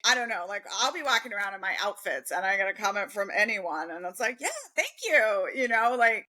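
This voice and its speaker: A woman's voice: medium pitch, quick pace, bright, forceful tone, low-quality recording. A woman born in the Philippines co-hosting a podcast in casual chat, talking loosely with lots of fillers. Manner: conversational, lots of "like", mimics voices. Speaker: podcast co-host.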